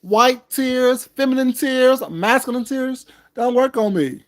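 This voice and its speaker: A man's voice: extremely high pitch, measured pace, fairly bright tone. Man, sassy livestream commentator, drawls, calls everyone baby.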